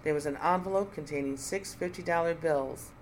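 An even, mid-pitched audiobook narrator. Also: fairly quick, a little hiss or hum, rough recording. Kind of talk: scripted first-person mystery narration.

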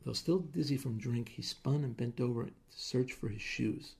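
A man reading a short story aloud in measured, plain narration. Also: mid-range voice, creaky, darkish tone, slightly rough.

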